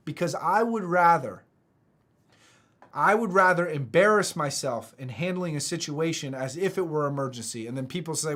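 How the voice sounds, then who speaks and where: A man from the United States, a motivational speaker, talking casually online in an earnest, halting way with many restarts. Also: on the high side, a bit bright.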